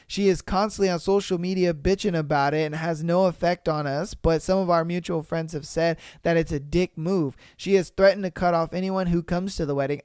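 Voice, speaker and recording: A man hosting a podcast, reading listener posts aloud and reacting with animated, slangy, profane commentary. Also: a little high, clean tone, dry recording, clean studio sound. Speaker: podcast host.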